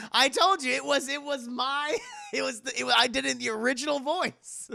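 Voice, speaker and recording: A man hosting a livestream in a casual, excitable way, swearing freely and laughing often. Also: very high voice, normal speed, creaky, no room sound, clean studio sound. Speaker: livestream host.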